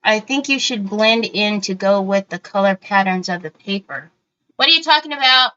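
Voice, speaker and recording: Bright, clear-voiced woman hosting a craft stream. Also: medium pitch, lively intonation, normal speed, dull audio. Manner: chatty, answers viewers' comments and thinks aloud. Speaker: craft livestream host. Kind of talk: casual livestream chat while crafting.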